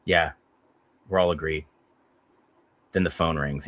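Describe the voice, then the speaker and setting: A man co-hosting a podcast, telling stories in a lively, profane, casual way. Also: sits low, quick pace, long pauses. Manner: animated, profane storytelling. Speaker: podcast co-host. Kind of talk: casual chat.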